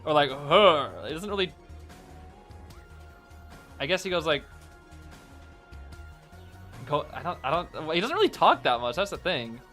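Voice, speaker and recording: A man giving casual, excitable live commentary on a game match, rambling with lots of fillers. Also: fairly high pitch, moderate pace, long pauses, soft background music.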